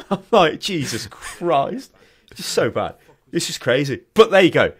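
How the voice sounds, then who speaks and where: A man's voice: a little high, very animated, normal speed, breathy edge. A man hosting a casual chat, telling stories with animation and swearing freely. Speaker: host.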